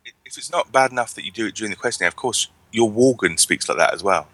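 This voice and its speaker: Male co-host, low bright voice, dry close mic, rambling wry delivery. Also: lively intonation, quick pace, no echo. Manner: chatty, wry, rambling with restarts. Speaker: podcast co-host. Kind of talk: casual chat.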